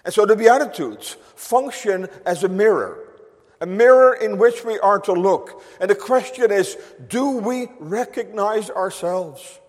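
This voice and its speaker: A man preaching a sermon to his congregation, slow and emphatic, reading scripture solemnly. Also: high-pitched, lively intonation. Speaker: pastor. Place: church sanctuary. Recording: long reverb of a church hall.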